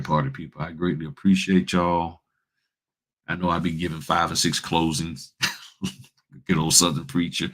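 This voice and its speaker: A man hosting a casual livestream, giving blunt, folksy advice and addressing viewers as y'all. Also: very deep voice. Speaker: notary public and livestream host.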